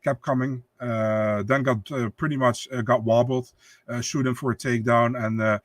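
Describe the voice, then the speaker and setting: Man, podcast co-host, a bit off mic, dry sound, laid-back, halting. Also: mid-range voice, no room sound, far from the mic. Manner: relaxed, hesitant, many fillers. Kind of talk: casual sports podcast chat.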